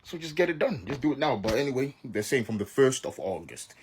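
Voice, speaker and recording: A man's voice: mid-range voice, sing-song, brisk, slight background noise. A man from Africa giving an emphatic opinion monologue, often checking in with "yeah?" and "right?". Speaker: commentator.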